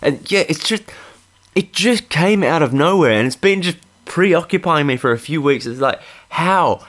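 A man's voice: fairly high pitch, expressive, moderate pace, fairly bright tone. A young Australian man telling a comic story in a monologue, sweary, exasperated and laughing as he goes.

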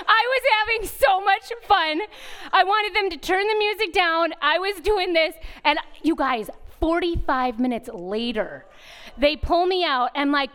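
Animated high-voiced woman telling a story. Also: moderate pace. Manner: animated, acts out sounds and voices. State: pregnant at the time, not now. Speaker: retreat speaker. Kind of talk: storytelling sermon.

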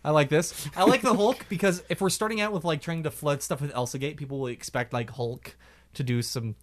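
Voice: mid-range voice, a little fast. A podcast host in casual banter, joking and laughing often.

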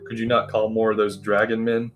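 A man's voice: fairly low pitch, level tone, brisk, muffled recording, soft background music, lightly acted. A man reading the lines of a surly, scornful male general in a storybook, curt and blunt.

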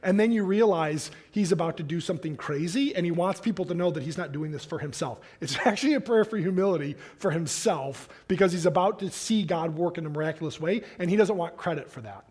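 A man preaching a sermon, reading scripture aloud and then explaining it in an animated, conversational way with casual asides. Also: fairly high pitch, fairly quick, hardly any pauses, slightly rough. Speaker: pastor.

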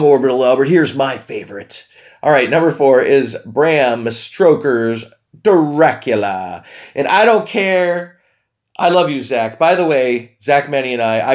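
A man's voice: medium pitch, a little mellow. A man from Canada hosting a casual solo podcast, chatty and rambling, often stumbling over words and correcting himself. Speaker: podcast host.

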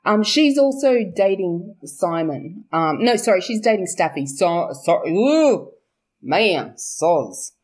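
A woman's voice: mid-range voice, animated, measured pace, hardly any pauses. A young woman, chatting casually about her book's characters, laughing often, swearing and correcting herself as she goes. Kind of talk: casual chat.

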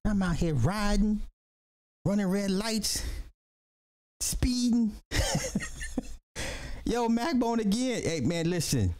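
A man's voice: high-pitched, expressive, slow, long pauses, a little mellow. A man hosting a casual livestream podcast, talking animatedly in slangy chat, laughing often and repeating himself. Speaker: podcast host.

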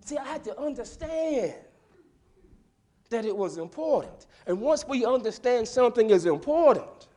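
A male preacher delivering a sermon in a church, swinging from hushed whispers to shouted lines and drawing call-and-response from the congregation. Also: extremely high pitch, sing-song, moderate pace. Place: church sanctuary.

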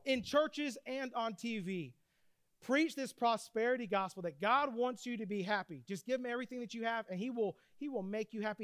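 A pastor preaching with lively storytelling, his voice pitched high and smooth. He slows down and leans into the words when reading scripture, and the sound is dry and close. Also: no echo. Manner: animated storytelling preacher, reads scripture slowly. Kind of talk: sermon.

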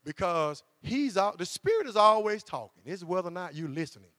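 A man's voice: high-pitched, sing-song, brisk, sharp tone, studio quality. A man preaching a sermon, acting out quoted voices as he goes. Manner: conversational preaching with dramatized quotes. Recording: long hall reverb with mains hum.

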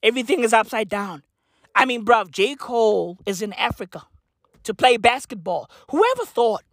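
A woman's voice: on the high side, no room sound, clean studio sound. A woman doing a profane comic rant, repeating herself and laughing at her own jokes. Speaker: comedian.

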